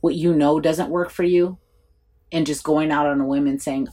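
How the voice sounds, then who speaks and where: A woman's voice: sits low, fairly even intonation, normal speed, mellow. A woman who is a podcast guest, chatting casually in an earnest, encouraging way. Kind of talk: casual conversation.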